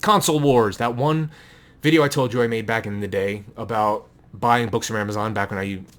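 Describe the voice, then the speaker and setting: This vlogger has a fairly low, somewhat bright voice and talks a little fast as he shows his books at home. Rambling and correcting himself, he keeps an offhand, slightly crude tone, with a distracting noise in the room behind him.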